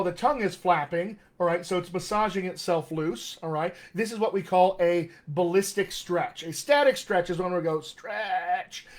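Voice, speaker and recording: A man teaching tongue exercises as a dialect coach in a live-streamed lesson, upbeat and encouraging. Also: high voice. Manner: upbeat, encouraging, reads out viewer comments.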